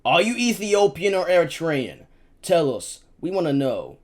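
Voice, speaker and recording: Menacing soldier commander, barking threats, low voice pushed up into loud shouts, as a male reader puts him on. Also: lively intonation, normal speed. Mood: threatening.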